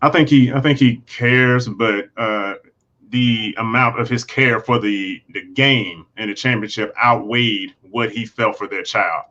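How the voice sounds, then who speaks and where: A man with a bright, forceful voice weighs in as a panelist in a casual discussion, thoughtful and halting. His sound comes through a dull, lo-fi microphone. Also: medium pitch.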